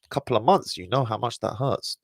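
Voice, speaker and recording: A man's voice: mid-range voice, brisk, vocal fry, no room sound, studio quality. A man talking casually to his livestream viewers. He sighs often as he talks. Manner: animated, sighing often. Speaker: livestream host.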